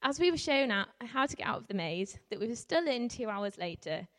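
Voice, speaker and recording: Young woman from Yorkshire with a high voice, telling a self-deprecating story live on stage in an echoing hall. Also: big pitch swings, a little fast, a bit bright. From Yorkshire, England. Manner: chatty, self-deprecating, laughs often, frequent ums. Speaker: youth worker telling a personal story. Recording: long hall reverb.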